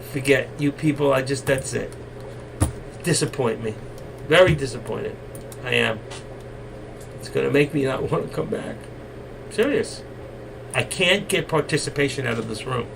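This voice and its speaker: A man hosts a live trading stream, nagging and teasing his viewers with mock exasperation and sudden loud shouts. His voice is bright and tense, a little higher than most men's. He sits back from the mic, with faint noise underneath. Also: gravelly, recorded from a distance, low-quality recording. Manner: coaxing, teasing and exasperated with the chat.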